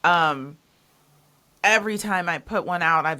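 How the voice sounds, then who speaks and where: Podcast host, woman. Bright, forceful tone, emphatic and conversational. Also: low-pitched, unhurried. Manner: emphatic, repeats herself when stressing a point. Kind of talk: casual interview chat.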